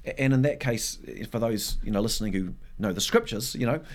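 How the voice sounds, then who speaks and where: Fast-talking animated male storyteller. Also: medium pitch. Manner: animated storyteller, acts out quotes. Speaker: evangelist guest. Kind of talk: casual podcast conversation.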